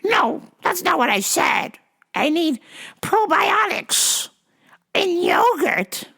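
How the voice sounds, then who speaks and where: A woman voicing a pushy, hard-of-hearing woman customer who talks slowly and insistently. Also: extremely high pitch, big pitch swings, gravelly, bright, forceful tone, voice pushed up, exaggerated voice. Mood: impatient. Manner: impatient, insistent, slow.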